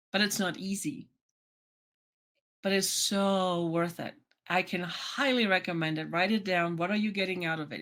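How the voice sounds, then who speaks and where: Life coach, casual vlog, chatty, "you know" and "right?" fillers, mid-pitched voice. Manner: acts out remembered conversations in lively voices. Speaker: life coach and channel host.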